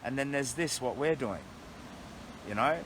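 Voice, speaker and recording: A man's voice: medium pitch, unhurried, noisy background. A middle-aged Australian man on a long walk, talking earnestly and thinking aloud to livestream followers from his camp at night. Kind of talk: casual reflective livestream talk. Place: camped outdoors at night in a storm. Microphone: phone livestream.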